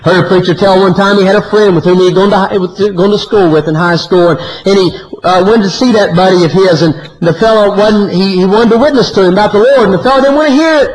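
A man preaching a sermon, swinging from loud high climbs to low quiet drops. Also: fast, few pauses, poor audio. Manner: animated preaching, often rising high and loud, then dropping low.

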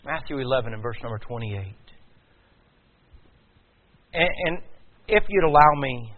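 A male preacher delivering a sermon, swinging from quiet, slow passages to loud, rising emphasis. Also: medium pitch, animated. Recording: tinny phone-like sound.

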